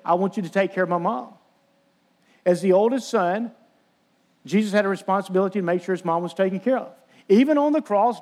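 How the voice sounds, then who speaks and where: A man preaching a sermon, earnestly retelling scripture and acting out the voices of mockers. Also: sits high.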